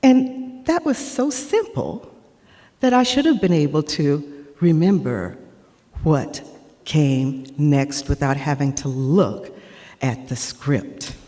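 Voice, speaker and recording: A woman's voice: low voice, expressive, takes it slowly, mellow, in a large hall. A woman giving an earnest, heartfelt personal tribute at a memorial, speaking as a former actor and student. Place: performing arts center stage.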